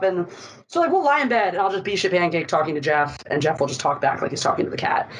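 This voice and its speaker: A woman's voice: medium pitch, quick pace, low-quality recording. A woman from Philadelphia, a guest on a podcast, chatting casually with a jokey, self-deprecating manner.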